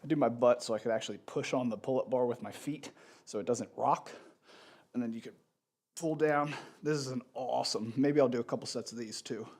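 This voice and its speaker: A man with a stuffy nose leading a live home workout, giving relaxed, encouraging instructions while he exercises in his home gym. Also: mid-range voice, a little fast. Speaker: fitness instructor. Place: home gym in a converted bedroom.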